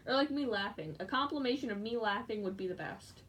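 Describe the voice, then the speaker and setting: A woman chatting casually while she crafts, giggling often and breaking into excited squeals. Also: fairly high pitch, a little fast. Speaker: fursuit maker streaming live. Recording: distant mic with faint background noise.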